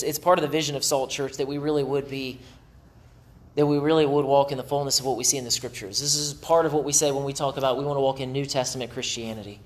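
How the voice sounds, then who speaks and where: A middle-aged man preaching a sermon as pastor, in a conversational, animated way with acted asides. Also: mid-range voice.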